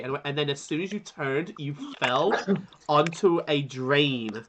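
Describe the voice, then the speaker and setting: A man's voice: fairly high pitch, measured pace. A man, a drag performer, teasing his friend and correcting the story in casual livestream chat. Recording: video call audio with clear background noise.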